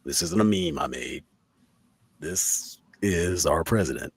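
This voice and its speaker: A man's voice: sits low, expressive, slow, breathy edge. A man hosting a casual talk show, talking animatedly, swearing freely and laughing often. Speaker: podcast host. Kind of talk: casual profane commentary.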